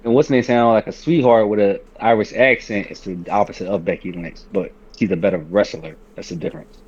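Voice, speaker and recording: Husky low-voiced man, muffled lo-fi sound. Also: brisk. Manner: excitable, argumentative, swears casually. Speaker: podcast co-host. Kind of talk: casual wrestling podcast chat.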